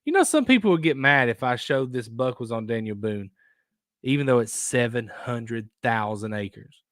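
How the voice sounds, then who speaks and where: Excitable male host, casual rambling delivery, medium pitch, dry recording. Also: moderate pace, no echo. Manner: excitable, rambling, reacts loudly to viewer photos. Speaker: outdoors show host. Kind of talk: casual live-stream chat.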